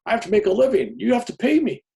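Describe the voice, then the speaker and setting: A raspy-voiced man voicing a pushy male street priest who insists on being paid. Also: very high voice, sing-song, fast, darkish tone, voice pushed up, exaggerated voice. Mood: insistent.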